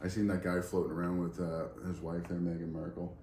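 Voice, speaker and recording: A man with a very low voice chats in a loose, rambling way and pokes fun at himself. He sounds relaxed and unhurried. The room is echoey, with a faint hiss underneath. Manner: laid-back, rambling, self-mocking. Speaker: co-host. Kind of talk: casual chat. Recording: roomy garage with faint background noise.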